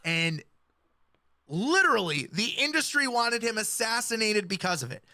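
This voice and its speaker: Bright, dry-sounding analytical woman. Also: fairly high pitch, animated, no echo. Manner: measured, analytical explainer. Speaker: music commentator. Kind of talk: explanatory video commentary.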